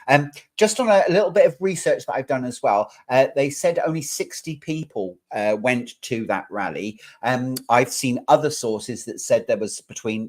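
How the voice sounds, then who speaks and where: Hesitant male host with a lively pitch. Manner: hesitant, with many filler sounds. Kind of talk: casual commentary.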